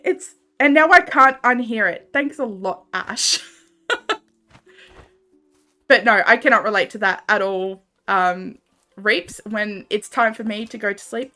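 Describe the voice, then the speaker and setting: A woman's voice: mid-range voice, bright, forceful tone. A young Australian woman chatting casually with her viewers while gaming on a livestream, laughing often and reading out chat messages. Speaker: streamer.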